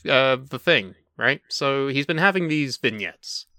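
Teasing sarcastic man, smooth dry voice. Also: medium pitch, animated, measured pace, sharp tone, dry recording. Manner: teasing, sarcastic, swears freely. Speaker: podcast co-host. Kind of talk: casual comedic wrestling news chat.

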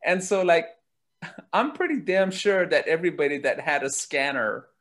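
A man telling a story as an interview guest, lively and laughing as he goes. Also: fairly high pitch, normal speed. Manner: lively, laughs while telling, acts out quoted voices. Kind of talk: animated storytelling.

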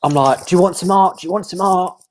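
A man's voice: sits high, quick pace, natural voice. A man playing a blustering, swearing Cockney market trader who has taken up art, in an improvised comedy sketch. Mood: pushy. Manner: blustering, swearing, mock-defensive.

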